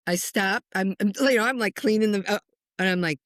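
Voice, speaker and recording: A middle-aged woman, a spiritual medium, telling a personal story in conversation with lots of lively swings and chuckles. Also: medium pitch, fairly quick, dry recording, studio quality. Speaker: spiritual medium and meditation teacher.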